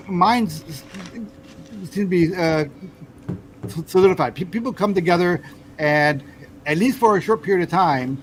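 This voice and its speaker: A man's voice: on the high side, a little hiss or hum, rough recording. An American man hosting a casual political chat, hesitant and full of restarts as he pushes back on his guest. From United States. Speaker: host.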